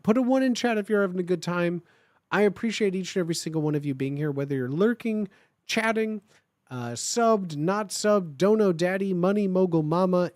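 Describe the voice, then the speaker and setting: A streamer reading fan fiction aloud on a live stream, chatty and excitable, talking straight to the chat. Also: mid-range voice, no echo, clean studio sound.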